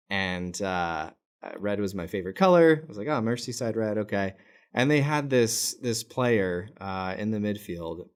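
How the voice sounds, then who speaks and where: An American man in his thirties hosting a fan channel, talking casually to camera with lots of filler words. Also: on the low side. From United States. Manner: chatty and rambling, many filler words.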